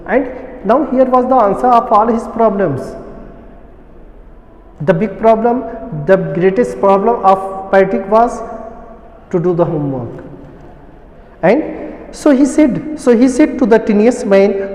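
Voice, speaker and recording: Male teacher, high pitch, patient line-by-line explainer, roomy echo. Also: expressive, unhurried, a little mellow. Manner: repeats and rephrases lines, glosses words in Hindi. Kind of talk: explaining a story for school students. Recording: echoey room with long reverb.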